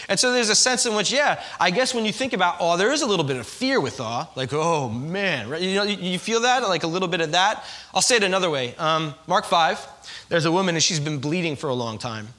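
A pastor with a high voice preaches a sermon to his congregation, conversational and animated, often turning aside to address the listeners directly.

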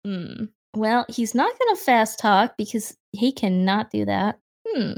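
A woman's voice: medium pitch, very animated, measured pace, a little mellow. A woman playing a tabletop game, chatting in a playful, giggly way. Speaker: player. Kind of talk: casual tabletop play.

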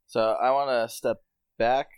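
A man playing a tabletop role-playing game, stating his moves and asking tactical questions deliberately. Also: mid-range voice, little pitch movement, smooth, dry recording. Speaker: player.

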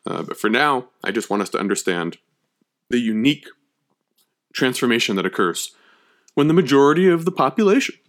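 A man's voice: mid-range voice, sing-song, brisk, pauses often, a bit bright. A man delivering a history lecture in a conversational, emphatic way. He stresses key points and keeps checking that his listeners follow. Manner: emphatic, checks in with frequent "okay?".

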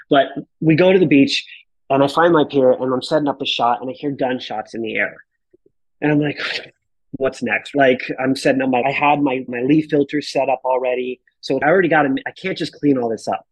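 A man in his thirties, a podcast guest, telling a wild travel story in an animated, casual way and swearing freely. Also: mid-range voice, brisk, no room sound, low-quality recording.

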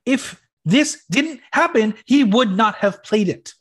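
Animated, opinionated man recapping a show. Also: extremely high pitch, slow, slightly rough. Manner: opinionated, expressive, swears freely. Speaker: podcast host recapping a reality show. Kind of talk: casual recap chat.

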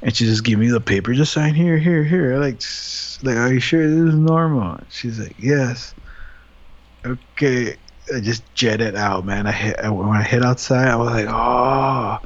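A man's voice: mid-range voice, measured pace. Profane man telling a story, dull lo-fi audio. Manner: profane, animated retelling with quoted asides. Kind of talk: casual storytelling chat.

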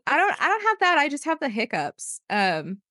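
A woman's voice: sits high, huge pitch swings, normal speed, sharp tone, no echo, clean studio sound, soft background music. A woman co-hosting a podcast over a video call, chatting casually with lots of fillers and laughter. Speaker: podcast co-host. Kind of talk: casual chat. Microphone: remote video call.

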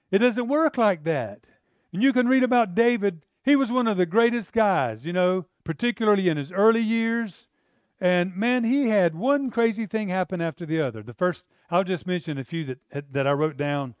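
Earnest conversational male preacher, clear dry voice. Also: high-pitched, moderate pace, dry recording. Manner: conversational, earnest, repeats words, acts out quoted voices. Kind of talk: sermon.

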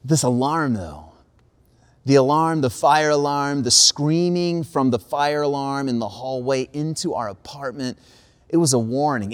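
A young adult man, a pastor, preaching a sermon and telling a personal story with lively quoted voices. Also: mid-range voice, unhurried. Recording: long reverb of a large hall.

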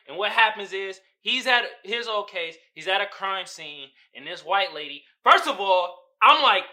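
A man's voice: high voice, moderate pace, few pauses. A man hosting a podcast, recapping a movie in a casual, profane, joking way. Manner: animated, profane storytelling with frequent laughter. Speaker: podcast host.

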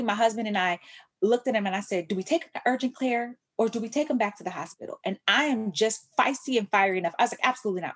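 A middle-aged woman, a podcast guest, telling a personal story in an animated way and acting out the voices she quotes. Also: husky. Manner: animated, acts out quoted voices with big pitch jumps.

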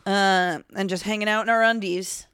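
A woman's voice: medium pitch, steady tone, normal speed, a bit bright, clean tone, no room sound. A woman co-hosting a podcast, telling stories in casual chat with laughs and swearing. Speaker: podcast co-host.

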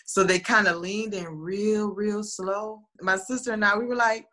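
Her voice mid-range and her pace slow, this woman spins funny stories in casual conversation. She's animated and lively, performing the quoted voices herself.

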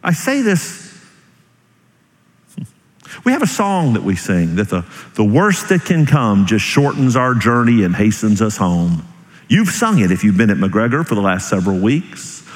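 Animated preacher in a reverberant hall. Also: male voice. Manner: animated preaching, swings from loud high emphasis to slow low tones. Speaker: pastor. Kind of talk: sermon.

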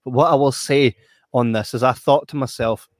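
A Scottish man talks a film over with a friend in a lively, emphatic way. His voice sits at a middling pitch. The recording is dry, with no room sound around him. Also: moderate pace, dry recording. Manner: animated, emphatic, acts out quoted voices. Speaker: podcast co-host. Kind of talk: casual chat reviewing a film.

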